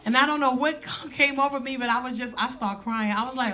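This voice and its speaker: Woman stand-up comic, fairly high voice, animated and profane, live crowd laughing. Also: a little fast, hardly any pauses, noisy background. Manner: animated, profane, building to shouts. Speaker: stand-up comedian. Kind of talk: stand-up storytelling. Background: audience laughter.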